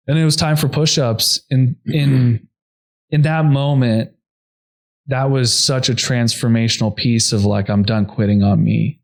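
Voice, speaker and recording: A young adult man, a podcast guest, earnestly telling a personal story at a quick clip, full of "like" fillers. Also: medium pitch, steady tone. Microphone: podcast microphone.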